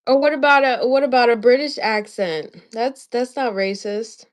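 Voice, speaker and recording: A woman co-hosting a casual live-stream chat, talking in an animated, emphatic way and going off on tangents. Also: on the high side, moderate pace.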